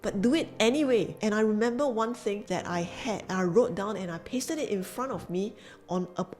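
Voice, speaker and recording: A woman's voice: fairly low pitch, darkish tone. A woman with a Singaporean English accent telling her story as a business coach in an earnest, emphatic way, repeating key phrases. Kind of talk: motivational storytelling to camera.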